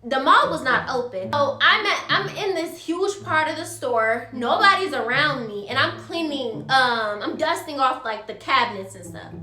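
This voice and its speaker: A woman's voice: sits high, lively intonation, moderate pace, hardly any pauses, pushed and bright, reverberant. A young woman in a storytime vlog, talking animatedly and calling her viewers y'all. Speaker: vlogger.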